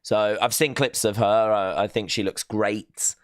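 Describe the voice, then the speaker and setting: A man's voice: on the low side, fairly even intonation, unhurried, no echo, clean studio sound. A man hosting a live watch-along stream, chatting casually and rambling a little as he reads out viewer messages. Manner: chatty, rambling, self-mocking, with fillers.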